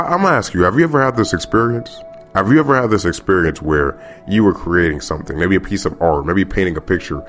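A male podcast host talks in a low, deep voice, casual and heartfelt. He circles back, repeats his lines and rambles with real passion. Soft music sits faintly underneath.

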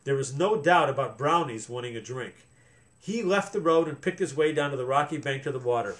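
A man's voice: medium pitch, lively intonation, brisk, fairly bright tone. A man reading a children's book aloud, stopping to explain things to young listeners.

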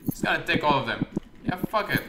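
A man's voice: on the high side, animated, a little fast, roomy sound, very noisy. A man giving sarcastic, joking let's play commentary, swearing as he goes. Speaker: gamer.

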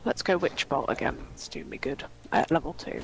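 A woman playing a tabletop game, chatty, expressive and a little flustered. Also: deep voice, a little fast, very noisy. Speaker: player. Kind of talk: casual tabletop play.

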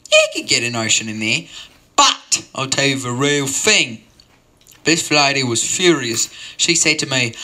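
A man rambles through an absurd stand-up story with a deadpan delivery. His voice sounds very bright and forward, at an ordinary male pitch. He keeps wandering off into digressions and then coming back to the story. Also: normal speed. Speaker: open-mic comedian.

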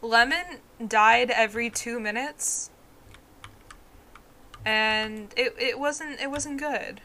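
A woman's voice: a little high, slow, sharp tone, slight background noise. A woman streaming a video game, chatting casually in a playful, goofy, self-mocking way. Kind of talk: casual gaming chat.

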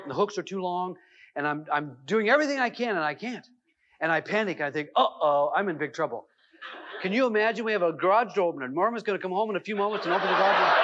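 A middle-aged man with a high voice tells a funny anecdote as a seminar speaker, animated and full of fillers. The sound is dull and lo-fi, like an old 1990s videotape. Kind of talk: humorous storytelling talk.

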